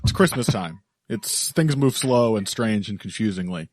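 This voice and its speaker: A man's voice: on the low side, animated, normal speed. A man hosting a podcast in casual chat, joking and laughing often. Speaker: podcast host.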